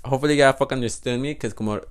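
A man's voice: mid-range voice, very fast. A young man with a Mexican Spanish accent hosting a casual solo podcast, rambling and cursing freely and slipping into Spanish phrases. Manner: rambling, profane, switches into Spanish. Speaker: podcast host.

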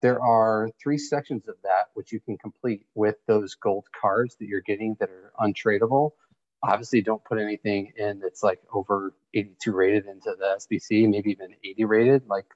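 A man's voice: fairly low pitch, steady tone, normal speed, a little mellow. A man co-hosting a casual podcast chat, laid-back and offhand, who swears freely. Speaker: podcast co-host. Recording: dull lo-fi remote audio.

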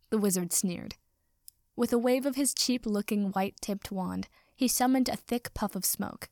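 A woman reading a story aloud with wry, even storytelling. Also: mid-range voice, moderate pace, dry recording, studio quality. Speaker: reader. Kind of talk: fan fiction reading.

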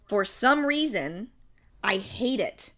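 A young woman co-hosting a casual chat about a sitcom, animated and quick to laugh. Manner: animated, laughs often, jumps into high squeals when amused. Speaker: podcast co-host.

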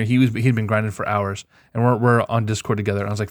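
An excitable man chats casually about his video game catches, swearing often and jumping into loud bursts. His voice sits at an ordinary middle pitch. The sound is close and dry, with no room around it. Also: fast talker, hardly any pauses, no echo. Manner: excitable, profane, storytelling. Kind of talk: casual gaming chat.

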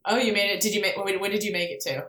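A woman's voice: medium pitch, steady tone, very fast, a bit bright, reverberant. A woman co-hosting a casual podcast, playful and teasing. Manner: playful, teasing, laughs often. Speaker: podcast co-host. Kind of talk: casual chat.

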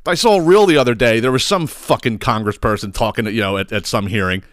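A man's voice: mid-range voice, fast talker, no echo, clean studio sound. A man hosting a podcast, ranting comically in a profane, exasperated way. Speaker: podcast host. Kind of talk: comedic rant.

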